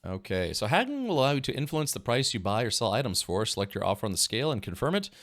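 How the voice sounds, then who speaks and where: A man's voice: medium pitch, sing-song, fast, a bit bright. A man chatting casually while he streams a game, musing aloud with many fillers. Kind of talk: casual gameplay commentary. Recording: faint game music behind.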